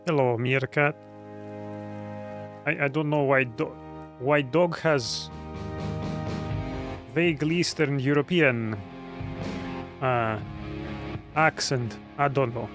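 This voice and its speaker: Male streamer, unhurried chatty talk, middle-pitched voice, faint guitar music behind. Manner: chatty, joking, greets viewers by name. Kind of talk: casual game stream chat. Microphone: studio USB microphone.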